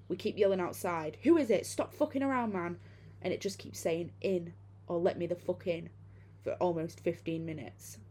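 A woman's voice: on the low side, warm tone. A woman reading a first-person horror story aloud in a casual, profane way. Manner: casual, profane retelling with many fillers. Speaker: narrator.

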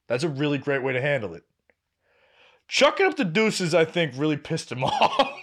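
A young man co-hosting a podcast tells a long anecdote in casual conversation. His voice sits a little above the usual male pitch. He acts out each quoted person, laughs at himself, and swears without a second thought. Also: sing-song, moderate pace, fairly bright tone. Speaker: podcast co-host. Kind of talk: casual storytelling chat.

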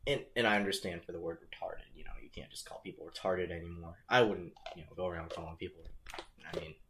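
Low-voiced man in loose casual chat. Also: fairly even intonation, fast talker, fairly bright tone, slight background noise. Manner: loose and joking, rambling asides. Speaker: podcast co-host. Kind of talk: casual discussion.

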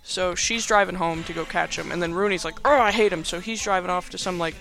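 Young dude rambling thru a movie recap, high bright voice, lots of um and like. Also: male voice, fairly even intonation, brisk, creaky. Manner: rambling, filler-heavy, playfully sarcastic. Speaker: podcast host.

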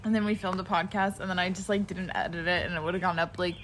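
A woman's voice: on the low side, fairly even intonation, quick pace, a bit bright, a little hiss or hum. A young woman co-hosting a podcast outdoors, telling stories in a rambling, chatty way full of fillers. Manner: rambling, filler-heavy storytelling. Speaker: podcast co-host. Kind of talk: casual chat. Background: birds chirping.

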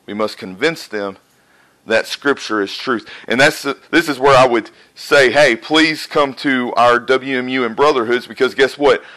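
A man's voice: medium pitch, moderate pace, sharp tone, poor audio. A man preaching a conversational sermon to a live congregation in a church, often asking questions and answering them himself.

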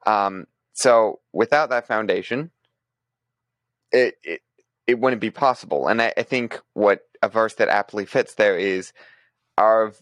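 Male podcast co-host, low dry voice, casual and rambling delivery. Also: measured pace, a bit bright, no echo. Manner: thinks aloud, frequent restarts and fillers. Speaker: podcast co-host presenting news.

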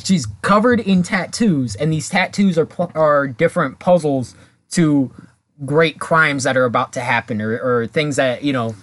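A man's voice: a little high, normal speed, a bit bright, dry recording. A young man co-hosting a podcast at home, chatting eagerly and describing a show he likes. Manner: enthusiastic, short replies and describing a show. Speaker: podcast co-host. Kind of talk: casual chat.

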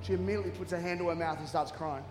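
An Australian man preaches from the stage, his voice sitting high for a man. He tells stories with humour and self-mockery. The sound carries a long reverb from a large hall with faint ambience behind. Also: racing, noisy background. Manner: humorous, animated, self-mocking storytelling with laughter. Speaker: guest preacher. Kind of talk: storytelling sermon. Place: large church hall with congregation.

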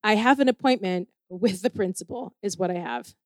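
A woman telling a personal story in an animated, self-deprecating way, acting out the people she quotes. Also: medium pitch, normal speed, no room sound, clean studio sound. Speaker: speaker sharing a personal testimony.

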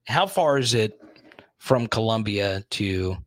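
A man's voice: on the low side, animated, slow pace, no room sound. Dry-voiced man rambling about sports bets. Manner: rambling, frustrated, thinks aloud. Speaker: sports show host. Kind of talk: casual sports betting talk.

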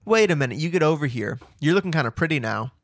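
Man, fairly high voice, animated, laughs a lot, retelling a book, dry close mic. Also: fast, no room sound. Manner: animated, laughs often, acts out characters in quotes. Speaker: podcast co-host. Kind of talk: casual chat retelling a book.

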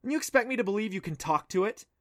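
A sharp, skeptical girl, as a man puts her on in an audiobook, her pitch lifted well above his own. She scoffs and doubts in an indignant way, close and dry on the mic. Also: expressive, very fast, dry recording. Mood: doubtful.

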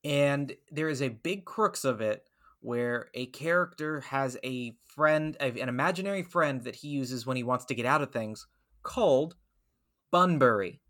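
A woman hosts an improv comedy podcast in a wry, exasperated way. Her voice is bright and clear, and her talk is brisk and explanatory. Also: very deep voice. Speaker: podcast host.

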